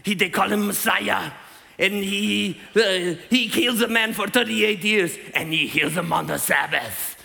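A preacher doing grumbling scornful Pharisee elders. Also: male voice, high-pitched, measured pace, vocal fry, pushed and bright, in a large hall, full character voice. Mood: indignant.

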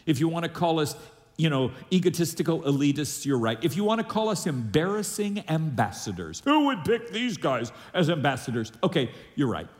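Male pastor, slightly high voice, emphatic sermon delivery, long reverb from a church hall. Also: sing-song, brisk. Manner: emphatic preaching with audience call-and-response. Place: church sanctuary.

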